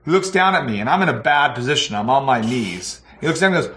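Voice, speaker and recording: A man telling a church story with animated energy, acting out the people in it and laughing as he goes. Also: on the high side, a little fast, hardly any pauses, crowd noise. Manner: lively, acts out the voices in his story, laughs as he tells it. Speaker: pastor telling a testimony. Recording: echoey room.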